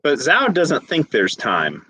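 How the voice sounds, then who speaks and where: A man's voice: fairly high pitch, wildly swooping pitch, takes it slowly, pushed and bright, husky, no echo, poor audio. A man running a tabletop game as game master, narrating the scene and tallying dice rolls aloud, joking and laughing often.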